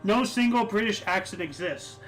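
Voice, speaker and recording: A man's voice: sits high, moderate pace, fairly bright tone, soft background music, low-quality recording. A man co-hosting a casual history chat show, joking, laughing often and reading out dates. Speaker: podcast co-host.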